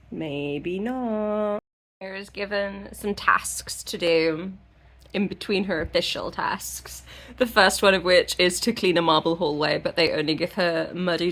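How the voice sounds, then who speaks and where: A woman's voice: mid-range voice, a little slow, a bit bright. A woman casually recapping a book, chatty and irreverent, with some swearing. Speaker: book vlogger.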